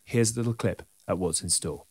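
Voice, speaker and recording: A man's voice: sits low, a little fast, noisy background. A man hosting a podcast, chatting and teasing before introducing the next guest. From England. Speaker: podcast host. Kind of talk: casual chat and show hosting.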